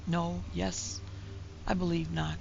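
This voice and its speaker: A woman reading the part of a pale, melancholy young wife who speaks quietly and plaintively, in a dull lo-fi recording. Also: on the low side, little pitch movement, takes it slowly, gravelly, a little hiss or hum, exaggerated voice.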